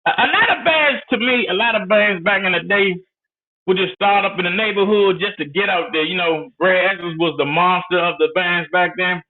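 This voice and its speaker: A man from Maryland tells stories in loose, easygoing street talk. His voice sits fairly high for a man. The sound is thin and tinny, like a phone line. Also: normal speed. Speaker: guest, music collector. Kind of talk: casual storytelling.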